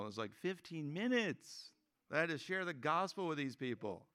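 A man's voice: on the high side, big pitch swings, normal speed, bright, forceful tone, clean tone. A man preaching a sermon as pastor, conversational and joking, acting out quoted voices.

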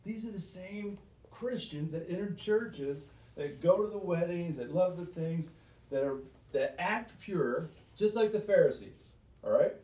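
A man's voice: high voice, lively intonation, a little slow, mellow. A man preaching to a small group, emphatic and fond of rhetorical questions, often repeating himself. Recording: roomy sound from a distance.

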